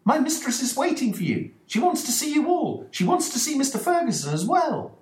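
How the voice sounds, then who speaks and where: A man voicing an eager young maid in a high put-on voice, reading an audiobook story. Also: wildly swooping pitch, fairly quick, full character voice. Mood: excited. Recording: roomy echoing recording.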